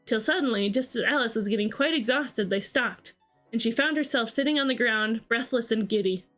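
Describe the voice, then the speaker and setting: Woman, storybook narration, steady read-aloud, fairly high voice. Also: brisk, soft background music. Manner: steady storytelling with small restarts. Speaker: streamer reading a book aloud.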